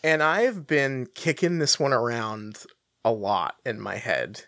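Man, podcast co-host, casual chat, animated, joking, lively pitch. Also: no echo, studio quality. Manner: animated, jokey, quick laughter.

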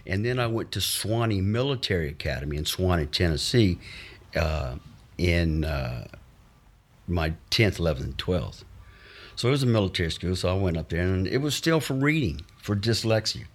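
A man telling long stories from his life in a relaxed, rambling interview, stumbling over words with many uh's and acting out the people he quotes. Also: low voice, normal speed. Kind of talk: casual anecdotal storytelling.

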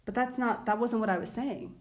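A woman's voice: a little high, brisk. A young woman co-hosting a podcast in casual chat, playful, laughing often and drawing out repeated words. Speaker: podcast co-host.

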